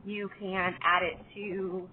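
A woman's voice: mid-range voice, little pitch movement, takes it slowly. Stuffy-nosed woman rambling casual health tips, lots of ums, sounds like a phone line. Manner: chatty, rambling, many fillers. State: stuffy nose from allergies. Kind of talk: casual advice talk to viewers. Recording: tinny phone-like sound, faint background noise.

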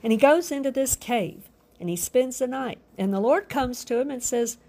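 A woman preaching a sermon with fervent emphasis, drawn-out phrases and soft asides. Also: fairly high pitch, expressive.

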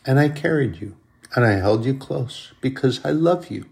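A man's voice: mid-range voice, animated, normal speed, creaky, a little mellow. A man preaching a sermon as a pastor, earnest and fond of repeating phrases for emphasis. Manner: earnest, repetitive preaching cadence.

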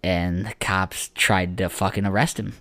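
A man with a deep, low voice talks sports on a casual podcast. He rambles, swears freely and leans on filler words. The sound is dry, with no room echo. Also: steady tone, measured pace, fairly bright tone. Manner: rambling, profane, lots of "like" fillers. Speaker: podcast co-host.

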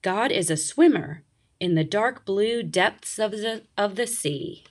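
A calm deep-sea fish, read by a woman. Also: slow. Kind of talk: storybook reading.

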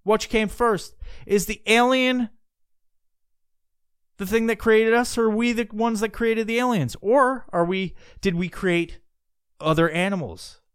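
A man hosts a podcast in a casual, rambling monologue, swearing often and restarting sentences as he muses aloud. His high-pitched voice is smooth and a little slow, captured in a dry, clean studio recording.

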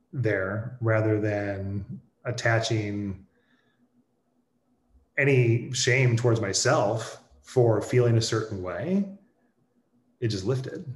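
Reflective man in a roomy space. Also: on the low side. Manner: thoughtful, halting, with restarts and pauses. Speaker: guest sharing a personal experience. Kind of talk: reflective conversational storytelling. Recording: roomy echo.

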